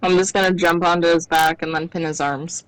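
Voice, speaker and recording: A woman's voice: on the low side, steady tone, brisk, clear, resonant tone, no echo, low-quality recording. A woman playing a tabletop game, thinking aloud and hesitating as she talks. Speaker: player. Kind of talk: casual game play.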